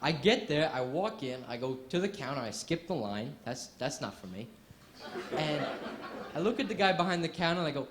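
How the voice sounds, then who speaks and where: A man's voice: on the high side, fairly quick. A sixteen-year-old boy doing stand-up comedy in a club, telling stories with put-on voices. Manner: animated storytelling with put-on voices. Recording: roomy club with audience noise.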